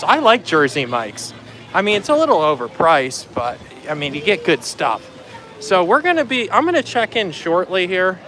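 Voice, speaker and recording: A man's voice: sits high, big pitch swings, normal speed, bright, forceful tone, soft background music. A man hosting a casual live vlog outdoors in a theme park. He chats freely on a handheld phone and greets viewers by name as he walks. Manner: chatty, greets viewers by name while walking. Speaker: livestream host.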